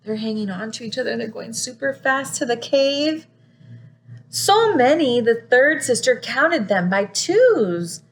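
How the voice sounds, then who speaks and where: A woman teacher reading a picture book aloud to young children, gasping often and pausing to ask them questions. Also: high-pitched, a little hiss or hum, poor audio. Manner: expressive, frequent gasps, asks listeners questions.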